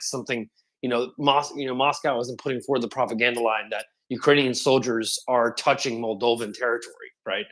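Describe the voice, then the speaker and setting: A man in a casual online audio chat, explaining things quickly and often checking in with "right?". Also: mid-range voice, fairly bright tone. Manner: talks fast, keeps checking in with "right?". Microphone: phone on spotty Wi-Fi and mobile data.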